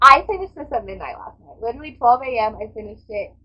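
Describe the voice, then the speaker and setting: A fairly high-voiced woman gushes over her favourite books in a casual vlog recap. Her talk is dramatic and full of swearing, and the audio is a little dull and lo-fi. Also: expressive, fast talker, slightly rough. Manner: gushing, dramatic, swears freely. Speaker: book vlogger.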